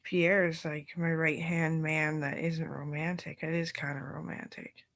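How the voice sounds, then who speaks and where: A woman's voice: sits low, flat delivery, a little slow, fairly bright tone. A woman talking in a loose, drifting casual monologue, often sinking into a whisper.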